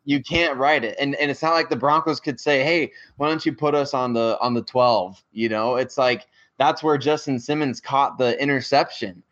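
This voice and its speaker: A man who covers the team, talking on a sports podcast in casual chat, halting and full of filler words. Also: mid-range voice, fairly even intonation, a bit bright, lo-fi sound. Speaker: podcast guest and team reporter.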